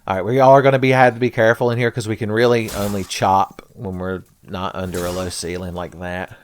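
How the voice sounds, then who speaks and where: A man's voice: lowish voice, level tone, a little fast, smooth. A man narrating a Let's Play, sarcastic and profane, with frequent jokes aimed at his viewers. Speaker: gameplay commentator.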